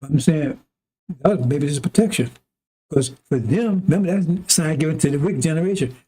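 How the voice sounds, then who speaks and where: A husky man with a mellow, darkish tone and a fairly high voice. He preaches in loose, rambling talk to his listeners, and at times breaks into loud, animated acted-out dialogue. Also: brisk. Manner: animated, acts out arguments with God in a raised voice. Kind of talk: rambling sermon.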